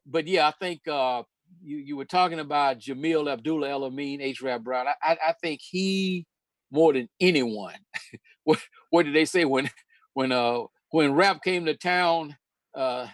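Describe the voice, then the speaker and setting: A man's voice: medium pitch, measured pace, no echo. An older man from North Carolina, hosting a casual talk and telling stories with many restarts and laughs. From Charlotte, North Carolina, USA. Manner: storytelling, hesitant with many restarts, laughs often. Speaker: host.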